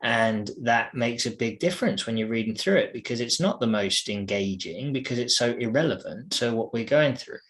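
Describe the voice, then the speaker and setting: Relaxed British man chatting. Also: mid-range voice, normal speed, few pauses. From Britain. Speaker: podcast co-host. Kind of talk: casual Bible chat.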